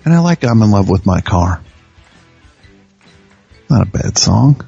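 A man's voice: fairly low pitch, very animated, a little slow, creaky, dark tone, slightly rough, no echo, muffled recording, soft background music. A male radio show host rambling through a self-mocking comic monologue with many restarts.

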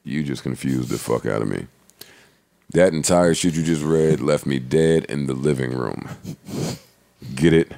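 A man's voice: extremely low pitch, a little slow, vocal fry, mellow, no echo. A man co-hosting a podcast, bantering casually and profanely with his co-hosts. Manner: joking, profane banter with frequent laughs. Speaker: podcast co-host. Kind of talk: casual chat.

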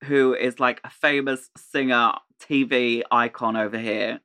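A man's voice: mid-range voice, steady tone, unhurried, bright, forceful tone, smooth. A man from the UK guesting on a casual podcast, cheeky and giggly as he tells stories. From United Kingdom. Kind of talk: casual chat.

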